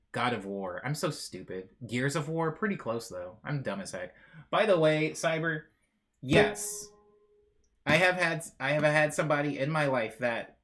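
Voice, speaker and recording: A man's voice: mid-range voice, fairly bright tone. A male streamer chatting casually on a live stream, rambling and joking with bursts of mock outrage while reading chat aloud.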